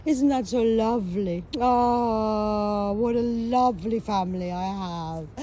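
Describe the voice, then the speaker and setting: A woman from England talks through her life story at a middle pitch. She tells it theatrically, swearing freely and slipping into other people's voices. She breaks into snatches of song, and a faint hiss sits under her voice. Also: takes it slowly, dark tone. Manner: sardonic, self-mocking asides. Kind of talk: casual storytelling monologue.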